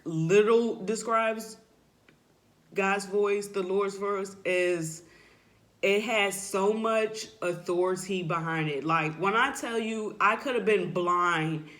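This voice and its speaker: A woman tells her faith testimony in an unhurried, heartfelt way. She is earnest and halting, and she leans on "like" and "you know" as she searches for words. At moments she grows emotional, and her voice sinks soft and quiet. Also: medium pitch. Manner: emotional, voice drops softly at times. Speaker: person sharing a faith testimony. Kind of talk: heartfelt personal testimony, unscripted.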